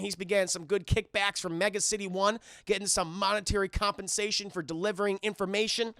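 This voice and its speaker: Excitable gravelly-voiced man streamer. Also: high voice, dry recording, studio quality. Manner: rambling, excitable, curses, keeps addressing chat. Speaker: streamer reviewing films. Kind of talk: casual profane film recap to live chat.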